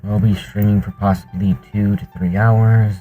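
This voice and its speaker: A man chatting on his stream while still out of breath, halting and trailing off between sighs. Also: fairly low pitch, flat delivery, phone-quality sound, soft background music. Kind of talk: casual stream chat.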